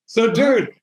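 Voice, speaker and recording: A man's voice: darkish tone, rough recording. A man, a tattoo artist in his thirties, telling a candid, profane and self-mocking story in an interview.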